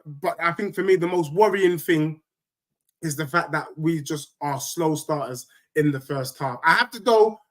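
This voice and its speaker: Animated, high-voiced football streamer. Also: male voice. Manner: animated, slangy banter with viewers. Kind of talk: live stream chat reacting to a match.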